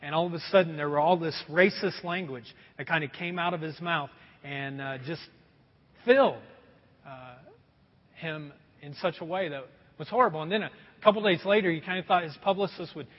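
A man's voice: on the high side, moderate pace, big-room sound, lo-fi sound. A middle-aged man preaching a sermon in a church, telling folksy stories and calling his congregation folks. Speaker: pastor. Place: church sanctuary.

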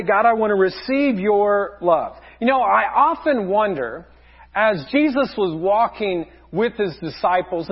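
A man preaching a sermon as a pastor, earnest, often dropping to a soft low voice. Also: dull audio.

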